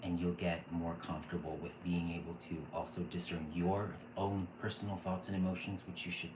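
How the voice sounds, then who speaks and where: A man in his thirties teaching a casual online intuition class, gushing and excitable and often laughing. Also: deep voice, fairly quick. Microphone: computer mic, off camera. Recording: echoey room with faint noise.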